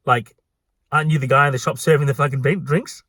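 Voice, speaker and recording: A man's voice: medium pitch, fairly even intonation, fast, fairly bright tone, dry recording, clean studio sound, natural voice. A man voicing a rude, entitled regular woman customer who talks down to shop staff. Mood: indignant. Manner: condescending, indignant.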